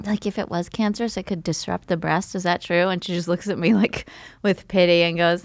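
A woman's voice: lowish voice, fairly even intonation, brisk, no room sound, clean studio sound. A young adult woman hosting a comedy podcast, telling candid stories and acting out quoted voices. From raised by a Russian mother. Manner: candid, storytelling with acted-out quotes. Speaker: podcast host. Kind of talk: casual comedic chat.

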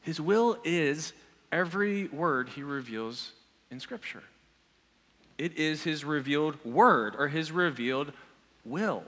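A man's voice: on the high side, lively intonation, slow, fairly bright tone. A man preaching a sermon as pastor, earnest and asking the congregation questions. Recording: long reverb of a large hall.

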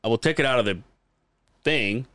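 A man's voice: mid-range voice, normal speed, a bit bright, dry recording. A man co-hosting a podcast in casual chat, rambling through stories, laughing often and acting out other people's lines. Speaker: podcast co-host.

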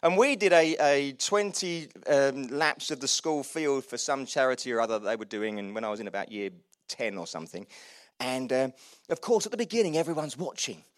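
A man's voice: mid-range voice, expressive, a little fast, no room sound, clean studio sound. A middle-aged man preaching a sermon in a loose, self-mocking, chatty way. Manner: chatty and self-mocking, with frequent laughs and restarts. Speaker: pastor. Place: church hall.

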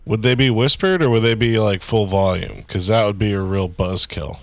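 A man's voice: lowish voice, normal speed, dry recording. A man co-hosting a podcast in casual chat, joking and playful.

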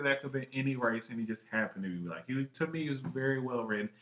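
A man co-hosting a podcast, chatting excitedly with lots of swearing, jumping from one thought to the next. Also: medium pitch, fast talker, few pauses. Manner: excitable, heavy swearing, jumps between thoughts. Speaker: podcast co-host. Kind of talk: casual chat. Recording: roomy echo.

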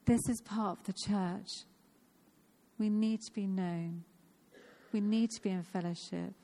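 A woman's voice: mid-range voice, steady tone, unhurried, warm tone. A woman of fifty giving an informal, personal sermon in a church, earnest and repeating phrases for emphasis. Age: 50s. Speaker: church speaker.

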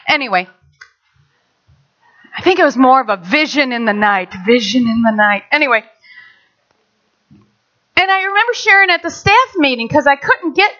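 A woman on a church staff, sharing a personal testimony in a chatty, animated way, often acting out other people's voices. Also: high-pitched. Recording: dull lo-fi sound.

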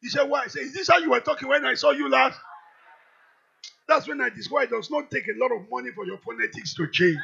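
A man with a Nigerian accent preaching a sermon, moving from quiet storytelling to shouted declarations. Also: extremely high pitch, fast, vocal fry, husky, highs cut off. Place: large church hall.

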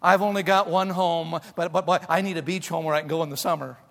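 A man putting on a small fox who frets about owning only one home and blurts out a wish for a beach house. The aside comes quickly, with a stammer. A long hall reverb trails each phrase. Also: on the high side, steady tone, gravelly, a bit bright, pitched below the performer's own voice. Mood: wishful.

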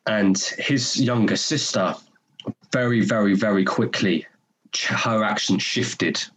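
A man's voice: low-pitched, a little hiss or hum, rough recording. A young man with a North London accent, a podcast guest chatting casually in an earnest, rambling way with many repeated words. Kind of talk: casual conversation.

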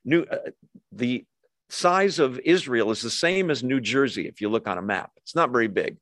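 A man of ordinary pitch leads a Bible study, walking through the text verse by verse. He talks it over casually, stopping for asides and fixing his own slips as he goes. The sound is close and dry. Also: expressive, moderate pace, a bit bright, no echo. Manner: explains verse by verse, asides and self-corrections. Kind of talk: conversational scripture teaching.

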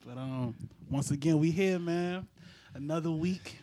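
A man's voice: a little high, unhurried, warm tone, a little hiss or hum. A young man hosting a podcast in casual, slangy, rambling chat. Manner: laid-back, slangy, rambling. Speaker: podcast host.

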